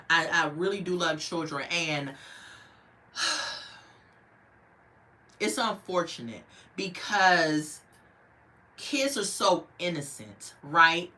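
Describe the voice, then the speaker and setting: Animated woman reviewing a TV show. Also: lowish voice. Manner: animated, outraged, then emotional and soft. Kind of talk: casual commentary.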